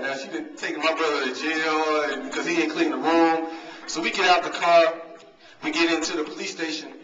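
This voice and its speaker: A man's voice: a little high, steady tone, a little fast, noisy background. Man telling stories at a banquet. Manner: storytelling, talks straight to the crowd. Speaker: guest speaker and coach. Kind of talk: humorous motivational banquet speech. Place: large hall at a sports banquet. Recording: echoey hall, distant mic, dull sound.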